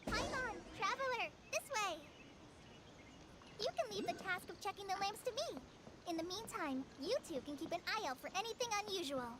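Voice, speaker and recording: A woman's voice: very high voice, lively intonation, moderate pace, very noisy. A woman voicing an earnest young female forest ranger apprentice in a video game, eager to help.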